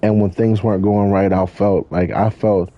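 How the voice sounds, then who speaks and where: A young YouTuber plays a driving game while rambling through a casual, profane Q&A with viewers, full of loose slang. His lowish voice moves little in pitch, at normal speed, and the recording has its highs cut off.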